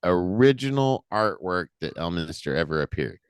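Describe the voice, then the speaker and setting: A man co-hosting a casual podcast chat, relaxed and low-key. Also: normal speed, clear, resonant tone, no room sound, studio quality. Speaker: podcast co-host.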